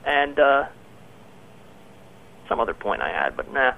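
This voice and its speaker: A man's voice: mid-range voice, sing-song, a little slow, a little hiss or hum. Dry-voiced man on a phone line. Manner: dry, critical, profane. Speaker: caller. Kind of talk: casual radio call-in.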